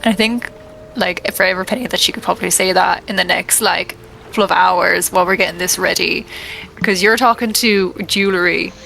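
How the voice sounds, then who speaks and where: Bright, gravelly-voiced woman player. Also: fairly low pitch, steady tone, fairly quick, a little hiss or hum, poor audio. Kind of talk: casual tabletop chat.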